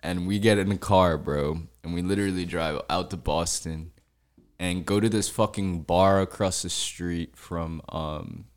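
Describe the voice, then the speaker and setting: A man's voice: deep voice, steady tone, measured pace. A man co-hosting a podcast, telling a story in a laid-back, slangy way and swearing often. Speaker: podcast co-host. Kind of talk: casual storytelling chat.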